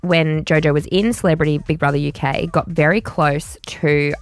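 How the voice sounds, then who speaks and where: Woman radio co-host, gossipy and quick, low voice over faint music. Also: steady tone. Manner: chatty gossip storyteller, quick asides. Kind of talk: casual radio banter.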